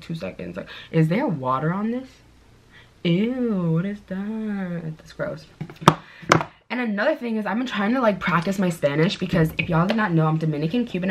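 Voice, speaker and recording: A woman's voice: lowish voice, dull audio. A young woman chatting casually while she does her makeup, telling stories in a bubbly way with lots of fillers. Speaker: beauty vlogger.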